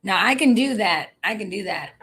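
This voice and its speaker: A woman's voice: mid-range voice, animated, normal speed, fairly bright tone, rough recording. A woman from Michigan hosting a casual interview, encouraging her guest with frequent short affirmations. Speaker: show host.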